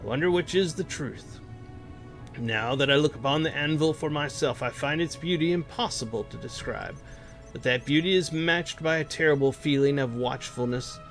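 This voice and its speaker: A man reading aloud the words of a young dwarf who recounts grim mountain lore, in a plain, unhurried voice. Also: fairly high pitch, faint music behind, close to an everyday voice. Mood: solemn.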